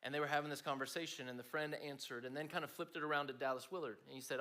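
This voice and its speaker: A man's voice: a little high, steady tone, racing, few pauses, pushed and bright. A man giving a conversational sermon to a room of students, talking to them directly. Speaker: speaker at a student gathering.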